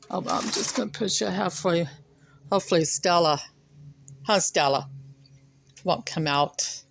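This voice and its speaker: A woman's voice: mid-range voice, gravelly, background noise. An older woman, chatting in a rambling way while out of breath, sitting outside her home. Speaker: vlogger. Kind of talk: casual chat.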